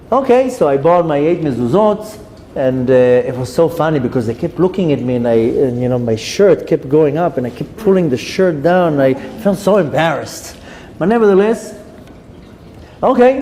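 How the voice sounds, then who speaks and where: A man telling a personal story, animated and acting out the dialogue in different voices. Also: fairly high pitch, moderate pace. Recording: echoey hall with faint noise.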